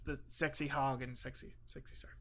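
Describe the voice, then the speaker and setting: A man's voice: mid-range voice, flat delivery, moderate pace, a crowd in the background. Giggly young man hosting a podcast. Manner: joking, giggly, self-mocking. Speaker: podcast host. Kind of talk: casual comedic chat.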